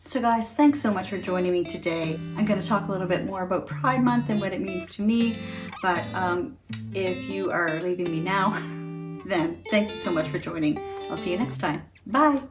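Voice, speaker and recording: A chatty middle-aged woman talks straight to her camera at home. She comes across earnest and laughs easily between thoughts, with a voice of ordinary pitch. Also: moderate pace, music in the background. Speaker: beauty vlogger. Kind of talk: casual talk to camera.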